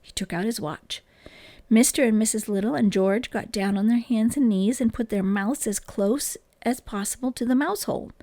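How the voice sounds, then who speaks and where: A woman reading a children's book aloud in an expressive, gentle storytelling manner, close to the microphone. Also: fairly high pitch, normal speed, dry recording.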